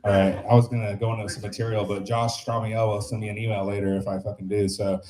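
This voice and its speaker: A man's voice: on the low side, flat delivery, quick pace, echoey room, low-quality recording. A man in his late thirties hosting an open mic in a small bar, trading profane, teasing banter with the crowd. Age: 30s. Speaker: comedy show host. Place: small comedy bar stage.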